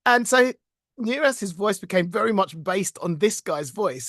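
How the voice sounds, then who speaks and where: A middle-aged British man, a voice actor, telling stories in a casual interview with animated, self-deprecating warmth and frequent laughs. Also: high-pitched, a little slow, no room sound, studio quality. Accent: British English. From Britain. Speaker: voice actor guest.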